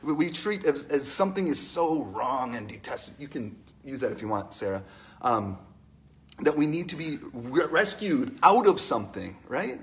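A man preaching a conversational sermon in an animated, storytelling way, asking the congregation questions. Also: medium pitch, normal speed, a little hiss or hum.

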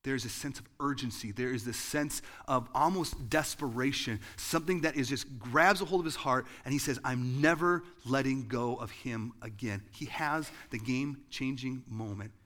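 A male pastor delivering a sermon with a lively, storytelling delivery. He swings between loud, high-energy bursts and hushed, intimate lines, acting out the people in his story. His voice sits at an ordinary middle pitch. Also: moderate pace, hardly any pauses.

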